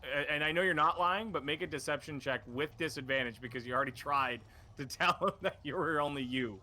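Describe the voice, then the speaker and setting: A man's voice: fairly high pitch, a little fast, sharp tone. A man narrating a tabletop game as game master, rambling with many fillers and restarts.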